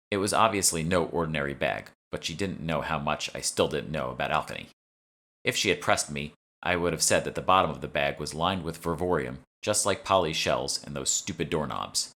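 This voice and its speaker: Deep-voiced man reading his novel. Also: brisk, bright, forceful tone. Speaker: author narrating his audiobook. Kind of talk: audiobook narration.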